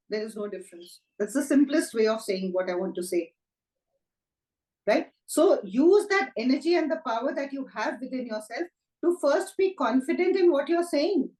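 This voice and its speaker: Woman talking slow and thoughtful, kinda high voice, roomy echo. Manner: gentle, reflective, asks rhetorical questions. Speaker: Reiki teacher. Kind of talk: conversational talk on self-help.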